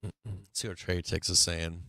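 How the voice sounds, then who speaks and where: A man's voice: sits low, fairly even intonation, a little slow, gravelly, pushed and bright, no echo, studio quality. A man hosting a casual live stream, swearing a lot, taunting and gleeful, sometimes breaking into a sing-song carnival barker call.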